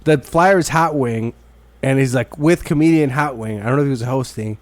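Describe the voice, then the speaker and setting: A man's voice: medium pitch, a little fast, dry recording. Rambling, foul-mouthed podcast host man. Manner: rambling, swears freely, acts out quotes. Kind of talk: casual podcast chat.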